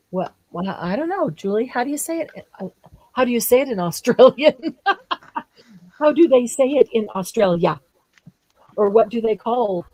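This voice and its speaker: A woman's voice: mid-range voice, darkish tone, no room sound, poor audio. A woman hosting a craft livestream, chatting casually with viewers and laughing often as she reads their comments. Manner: giggly, laughs often while talking.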